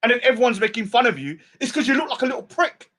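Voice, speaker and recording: Mocking high-voiced man. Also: sing-song, fast, a bit bright. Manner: mocking and insulting, mimics his target in a whiny voice. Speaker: street preacher and debater. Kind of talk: taunting rant addressed to a rival. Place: outdoors at a public speaking spot.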